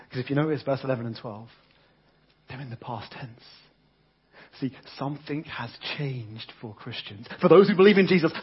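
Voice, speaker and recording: A man's voice: medium pitch, husky, highs cut off. A man preaching a conversational sermon with frequent restarts and repeated words.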